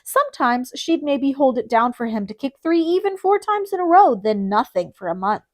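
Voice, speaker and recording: A woman voicing a tough, quick-tempered young male addict who talks bluntly and curses, in an audiobook. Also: sits high, animated, pitched above the performer's own voice. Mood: wry. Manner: blunt, streetwise, cursing.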